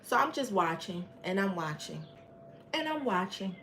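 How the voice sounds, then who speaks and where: A woman's voice: medium pitch, sing-song, moderate pace, a bit bright, a little hiss or hum. A woman hosting a storytime livestream. She tells her story in an emphatic, frank way and talks straight to her viewers. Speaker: channel host.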